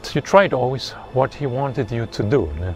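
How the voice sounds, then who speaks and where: A man's voice: mid-range voice, animated, normal speed, darkish tone, soft background music. A man recalling his teacher's kindness, often ending sentences with a questioning "no?". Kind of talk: reminiscent talk.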